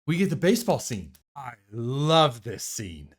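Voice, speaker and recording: A man's voice: medium pitch, unhurried. Guy doing live movie reactions, swears a lot, sarcastic, voice jumps all over the place. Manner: sarcastic, profane, animated. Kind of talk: casual live film commentary.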